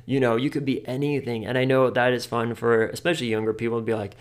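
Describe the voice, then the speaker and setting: A man hosting a podcast, giving casual advice in a chatty way, full of "like" and quick laughs. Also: medium pitch, little pitch movement. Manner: chatty, filler-heavy with frequent "like", laughs often. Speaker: podcast host.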